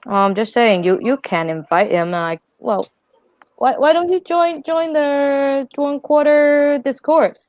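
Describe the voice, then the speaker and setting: A woman, chatting casually as a podcast guest, animated and laughing often. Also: high-pitched, measured pace, dry recording. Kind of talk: casual chat.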